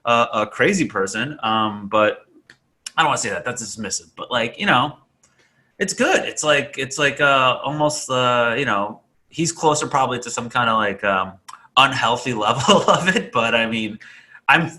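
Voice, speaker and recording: A man with a bright, forceful voice chats on a comedy podcast. He tells stories animatedly, swearing and laughing as he goes. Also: medium pitch, normal speed. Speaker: podcast co-host. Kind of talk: casual comedy podcast banter.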